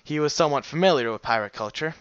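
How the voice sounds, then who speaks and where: A man casually reading a fan story aloud, animated, sometimes stumbling over words and chuckling at the text. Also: on the high side, fast talker, clear, resonant tone, dry recording, dull audio. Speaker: reader.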